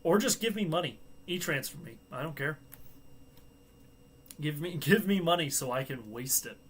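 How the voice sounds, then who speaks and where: A man hosts a casual live stream from a home setup. He rambles and jokes to himself, laughing easily. His voice sits slightly higher than most men's. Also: expressive, moderate pace, a little hiss or hum. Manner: joking, chatty, talks to himself, laughs often. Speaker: livestream host.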